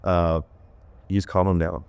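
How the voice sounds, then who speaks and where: A man's voice: low voice, flat delivery, measured pace, vocal fry, a little mellow, clean tone, no echo. A man working as a plumber and fishing guide, talking in an easygoing, rambling way on a podcast. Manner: easygoing, talks in long loose runs. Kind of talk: casual podcast conversation.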